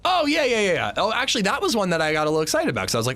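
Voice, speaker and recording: Bright, lively male game streamer. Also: high-pitched, very fast. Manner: rambling, swearing, lots of restarts. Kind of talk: casual chat while gaming.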